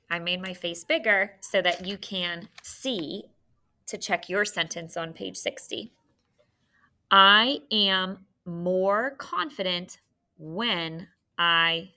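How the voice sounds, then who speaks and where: A woman teaching a recorded phonics lesson to children, encouraging and clearly sounding out syllables. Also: mid-range voice, bright, forceful tone.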